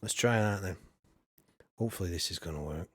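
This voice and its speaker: A man's voice: deep voice, a little fast, breathy edge. A man streaming a farming game, rambling casually and greeting viewers by name. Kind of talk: casual gameplay commentary.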